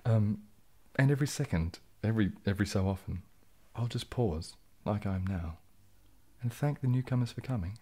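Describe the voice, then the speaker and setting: A man hosting a casual late-night ASMR livestream, chatting softly and reading viewers' questions aloud, rambling in a relaxed way and sometimes dropping into a whisper. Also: on the low side, normal speed, husky. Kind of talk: casual soft-spoken livestream chat.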